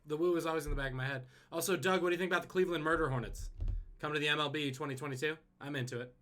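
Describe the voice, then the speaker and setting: A man hosting a live-streamed trivia quiz, reading questions and tossing in quick joking asides. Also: on the high side, fairly even intonation, a bit bright. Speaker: trivia host.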